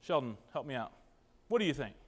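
A man's voice: medium pitch, big pitch swings, a little fast, long reverb tail. A man preaching an interactive sermon in a church, asking the congregation questions in an earnest manner. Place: church sanctuary.

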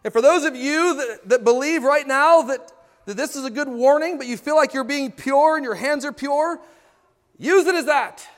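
A man preaching in a very high voice, full of passion and rhetorical questions to his congregation. He swings from loud pleading to quiet, intimate asides. The sound rings with the long reverb of a church hall. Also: moderate pace. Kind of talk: sermon.

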